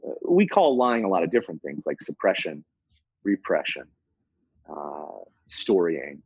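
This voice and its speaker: A man with a husky, slightly breathy voice talks as a podcast guest, reflective and fond of telling stories. His sound is dry and a little dull, like a lo-fi recording. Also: low-pitched, big pitch swings, unhurried, a little mellow, no echo. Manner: reflective, storytelling, laughs often, frequent restarts. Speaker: podcast guest, former psychotherapist. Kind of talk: casual conversational interview.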